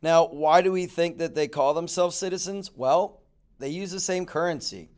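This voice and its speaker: A man's voice: fairly high pitch, moderate pace, a little mellow, clean tone. A male teacher going over guided notes in a recorded classroom lesson, talking animatedly with mock-surprised asides. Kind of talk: classroom lecture video.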